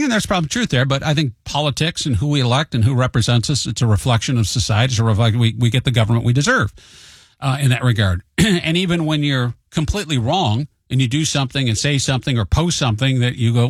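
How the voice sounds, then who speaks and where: A man's voice: medium pitch, expressive, fast talker, dry recording, clean studio sound. A man hosting a talk show, telling stories in a casual monologue and raising his voice to act out the quotes. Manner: chatty storyteller, acts out quotes with a raised voice; admits he tends to be hot-headed.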